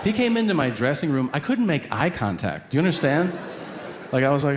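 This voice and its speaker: A male stand-up comic tells a story in a big live venue, with a swinging, animated pitch that leaps upward for his flustered reactions. His voice bounces around a roomy, echoing hall with a long tail. A huge crowd and heavy background noise sit under every line. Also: brisk. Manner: animated storytelling, jumps high for his own flustered lines. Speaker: stand-up comedian. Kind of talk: stand-up comedy set. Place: large venue with a loud audience.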